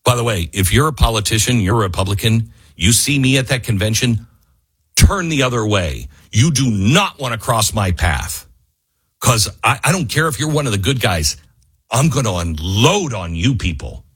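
Male radio talk host, husky, voice swings wide when worked up, fiery monologue. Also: mid-range voice, animated, moderate pace. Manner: rising to near-yelling, fiery and exasperated. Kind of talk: impassioned political monologue. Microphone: studio microphone.

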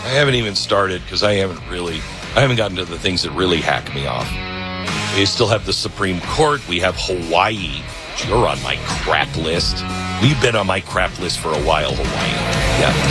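A man's voice: deep voice, expressive, moderate pace, over music. A man hosting a talk radio show, delivering a sarcastic political rant from a studio microphone and mocking others in put-on voices. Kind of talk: ranting political monologue. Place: broadcast studio.

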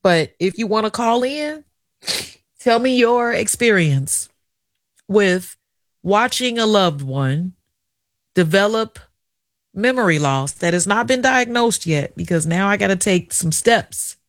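A woman's voice: medium pitch, animated, slow, dry recording, studio quality. A middle-aged woman hosting a radio talk show, speaking candidly and emotionally in a confiding, chatty way. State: tearful at times. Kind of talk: emotional personal radio monologue.

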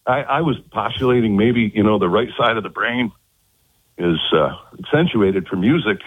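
A man telling of his abduction as an interview guest, halting and repeating words in earnest. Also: on the low side, lively intonation, slightly rough, no echo. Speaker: guest recounting an abduction experience. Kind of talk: phone-in interview. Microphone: telephone. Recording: tinny phone line.

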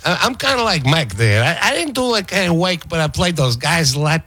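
A man's voice: on the high side, sing-song, bright, forceful tone, a little hiss or hum. A man doing a celebrity impression on talk radio, playing a hot-tempered, touchy middle-aged mobster type who stammers when he gets indignant. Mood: boastful. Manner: quick-to-anger, stammering indignation. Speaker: radio show guest.

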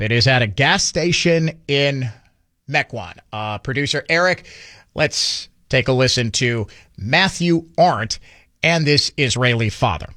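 A man's voice: mid-range voice, a bit bright, no room sound, studio quality. A man hosting a political commentary show, delivering the news with sardonic, mocking asides and open indignation.

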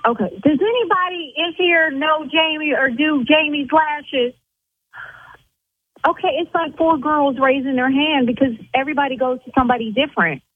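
A woman who owns an eyelash salon, arguing indignantly on a phone call, her voice climbing high when she gets angry. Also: moderate pace, no room sound. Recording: tinny phone line.

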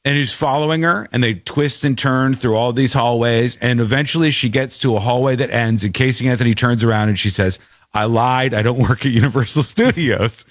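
A man's voice: mid-range voice, a little fast, no room sound, clean studio sound. A man telling a story in casual chat, acting out the people in it with shifting voices. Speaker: podcast host.

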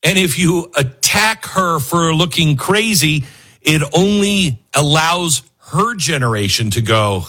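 A man hosting a political talk show, giving sarcastic, animated commentary and mimicking people he quotes. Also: a little high, a little slow, breathy edge.

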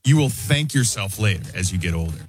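A man's voice: low-pitched, expressive, fairly quick, husky. A man on a radio show giving sheepish advice about stretching. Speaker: show regular. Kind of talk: casual radio chat.

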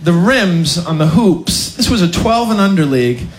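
A man's voice: high voice, lively intonation, moderate pace. A man performing a stand-up comedy set with a wry, self-deprecating delivery. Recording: roomy live club recording with loud noise.

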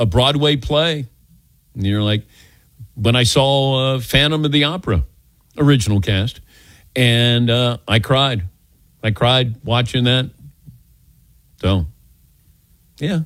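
Older male radio host, self-deprecating storyteller, animated delivery, dry close mic. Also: mid-range voice, measured pace, long pauses, dry recording. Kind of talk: call-in radio chat.

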